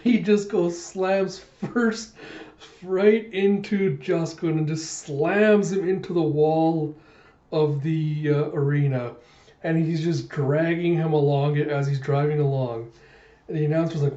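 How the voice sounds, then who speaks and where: A man hosting a manga readthrough, retelling the story in an animated, casual way with spoken sound effects. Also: a little high, unhurried. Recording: echoey room, dull lo-fi sound.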